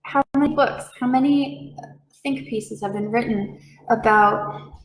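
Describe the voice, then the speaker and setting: A woman giving a calm, reassuring talk as a reiki practitioner, with playful voiced asides. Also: a little high, measured pace, roomy sound, low-quality recording. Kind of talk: gentle explanatory talk.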